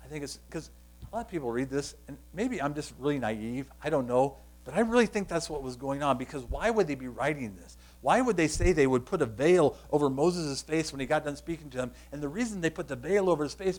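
Male preacher with a fairly high voice, earnest and explanatory, hushed then emphatic. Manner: earnest, explanatory, asks rhetorical questions; swings between hushed and loud emphatic passages. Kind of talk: sermon.

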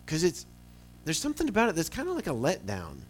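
A man preaching a sermon, his pitch leaping and dropping as he retells a Bible story. He swings from loud, pressing emphasis to quiet, low asides. A faint hum sits under the recording. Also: wildly swooping pitch, fast talker. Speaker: pastor.

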